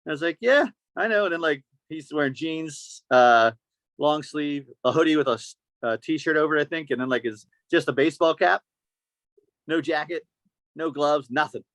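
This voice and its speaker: A man hosts a casual podcast. His voice sits a little high, and the recording is close and dry. He tells his story with animation, acting out every voice in it. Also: normal speed, a bit bright, dry recording. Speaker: podcast host.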